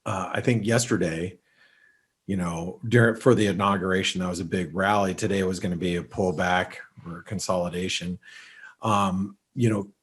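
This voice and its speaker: A deep, slightly rough male voice with fairly even intonation and moderate pace belongs to a market analyst hosting an unscripted webinar. His allergies make him sneezy and somewhat congested, and his talk is loose, with many fillers and restarts.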